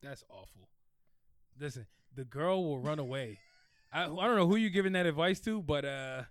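A man co-hosting a casual music podcast, talking in a slightly high voice. He jokes, laughs and ribs his partner. The sound is dry and close to the mic. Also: normal speed, dry recording. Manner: animated, laughing, playful ribbing. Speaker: podcast co-host. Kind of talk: casual music review chat.

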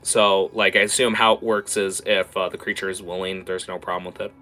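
A man running a tabletop game as game master. His voice is bright and forceful, and he talks in an animated way full of filler words. Faint music plays in the background. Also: low voice, a little fast.

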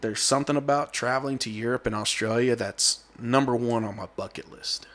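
A man's voice: medium pitch, brisk, a bit bright. A man, chatting on a podcast and telling stories animatedly, laughing at his own jokes. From Texas. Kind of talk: casual chat.

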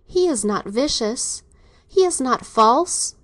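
A woman's voice: high voice, lively intonation, slow, pitched above the performer's own voice. Catherine, a woman voicing a pleading young daughter. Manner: earnest, pleading. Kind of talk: audiobook character reading.

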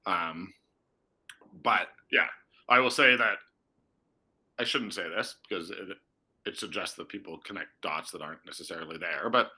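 A man's voice: low-pitched, normal speed, long pauses, bright, forceful tone, slightly rough, rough recording. A man who works as a sports reporter, chatting casually about football and thinking aloud with fillers and restarts.

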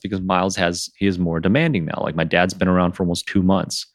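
A man hosting a podcast in casual conversation, who reenacts his own past lines in a livelier, higher voice. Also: animated, fast talker, few pauses, no room sound, studio quality. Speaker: podcast host.

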